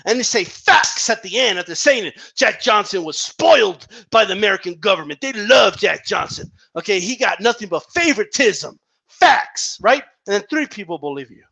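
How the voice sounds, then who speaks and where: A man's voice: very high voice, bright, forceful tone. A man ranting about boxing in a heated, casual monologue, swearing and repeating himself for emphasis. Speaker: boxing commentator.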